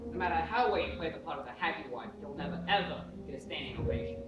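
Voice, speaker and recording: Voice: medium pitch, expressive, quick pace, roomy sound, natural voice. A student doing a jaded, worldly chaperone. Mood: knowing. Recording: far-off muffled stage audio with loud music.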